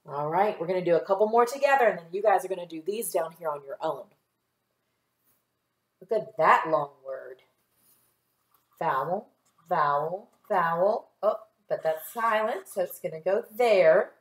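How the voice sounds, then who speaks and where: A woman teaching a recorded phonics lesson to children, patient and encouraging, stretching words out slowly and clearly as she models them. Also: on the low side, animated. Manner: slow, clear enunciation with drawn-out model words. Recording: echoey room.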